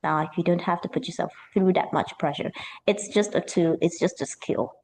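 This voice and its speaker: A woman leads a pronunciation lesson as an accent coach. She speaks with lively energy and stretches key words out slowly to stress them. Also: fairly low pitch, a little hiss or hum. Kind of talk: teaching an online pronunciation lesson.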